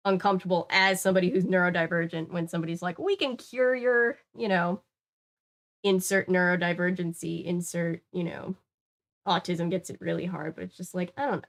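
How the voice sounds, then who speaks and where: A woman from Louisiana with a slight Southern US accent, chatting casually on a stream, rambling with many fillers. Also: fairly low pitch. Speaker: streamer reading viewer comments. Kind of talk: casual live-stream chat.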